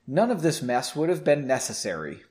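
A man voicing a spiteful, gloating male mage who plays the villain, with a lively, rather high voice. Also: normal speed.

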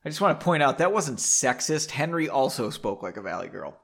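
A man's voice: medium pitch, very animated, brisk, creaky. A man hosting a podcast, reading a story aloud and breaking in with sarcastic, mocking asides. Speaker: podcast host.

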